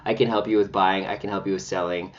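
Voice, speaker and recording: Fast and fairly even in intonation, a low-pitched man talks through a casual makeup review vlog at home, and the audio is dull. He's still chatty and dramatic, full of sassy exclamations.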